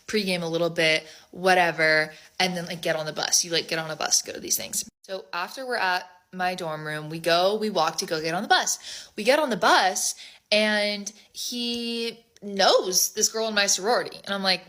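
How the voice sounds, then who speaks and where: A woman's voice: lowish voice, pushed and bright. A young woman telling a storytime in a casual, chatty way, full of "like".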